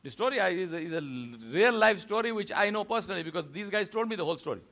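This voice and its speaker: A man's voice: high voice, quick pace. A man giving a Friday sermon in a mosque, telling a story and acting out the voices of its people. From India. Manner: animated storyteller who acts out the voices of people in his story.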